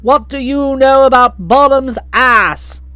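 A woman's voice: high voice, slow pace, pushed and bright, dry recording, heavily acted. A woman reading as a bluff, hot-tempered aunt. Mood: blustering. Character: blustering middle-aged aunt, hearty and explosive. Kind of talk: audiobook reading.

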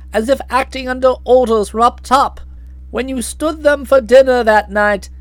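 A woman's voice: on the high side, no room sound, pitched below the performer's own voice, lightly acted. A woman reading an audiobook, voicing a blustering, hearty middle-aged aunt who talks in bluff, slangy outbursts. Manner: bluff, hot-tempered, slangy.

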